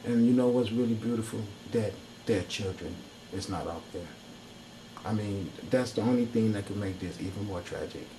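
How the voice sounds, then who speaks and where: A man's voice: lowish voice, moderate pace, mellow, slight background noise, low-quality recording. A man delivering heated, profane, preachy commentary in an angry rant. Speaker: video commentator.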